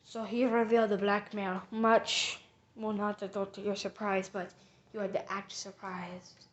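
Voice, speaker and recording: A woman's voice: medium pitch, level tone, measured pace, dull audio. A woman narrating a mystery reveal, theatrically accusing the culprit as she retraces the crime step by step.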